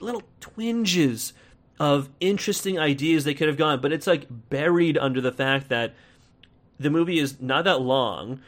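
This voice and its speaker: A man's voice: medium pitch, fairly bright tone. A man with an American accent giving a casual, rambling film review, full of fillers and restarts, with wry laughs.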